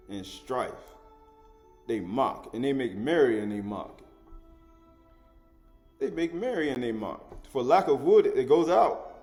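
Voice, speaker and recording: A man of middle pitch leads an informal Bible study in a loose, conversational way. He chuckles often, repeats his words and keeps checking in with "right?". Faint music plays behind him. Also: darkish tone. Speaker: scripture teacher.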